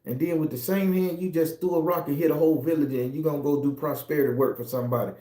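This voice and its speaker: A man's voice: on the high side, steady tone, fast, dark tone. A middle-aged man with a Southern US accent, a tarot reader giving a preachy, profane and confessional spiritual monologue. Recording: echoey room.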